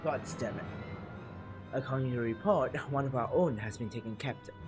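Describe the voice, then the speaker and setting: A man's voice: medium pitch, brisk, close to an everyday voice. A man voicing a stern resistance commander from a game, reading formal, commanding lines aloud with game music behind. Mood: grave.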